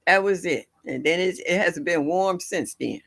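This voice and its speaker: A woman's voice: fairly low pitch, normal speed, gravelly, fairly bright tone. An older woman hosting a gardening livestream from home, chatting and laughing with her viewers in a chatty, folksy way. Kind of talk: casual chat with live viewers. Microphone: livestream setup.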